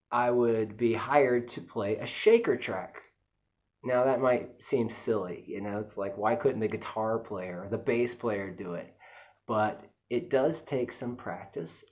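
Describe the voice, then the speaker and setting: Man, casual instructor, mellow voice, relaxed and conversational. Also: medium pitch. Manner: relaxed, chatty, with fillers. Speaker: music teacher.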